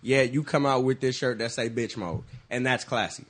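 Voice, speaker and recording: A man with an ordinary mid-pitched voice, talking sports in a loose casual chat. He is blunt, swears freely and keeps a joking edge. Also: moderate pace, slightly rough. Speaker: podcast co-host.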